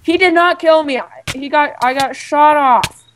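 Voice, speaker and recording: A man's voice: very high-pitched, normal speed, crowd noise. A male player in casual game chat with friends, grumbling and sarcastic. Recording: noisy home mic with clicks.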